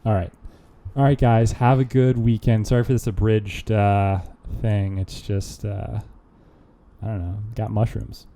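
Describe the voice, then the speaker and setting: Very dark-voiced rambling podcast host. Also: male voice, fairly low pitch, flat delivery, measured pace, gravelly. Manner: rambling, joking, lots of fillers. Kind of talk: casual chat.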